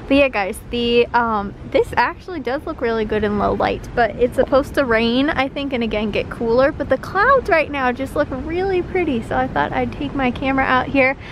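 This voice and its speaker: Chatty high-voiced young woman vlogging. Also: a little hiss or hum, low-quality recording. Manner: chatty, rambling, talks straight to camera. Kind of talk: casual daily vlog chat. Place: outdoors at dusk, then in a car. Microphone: handheld camera mic.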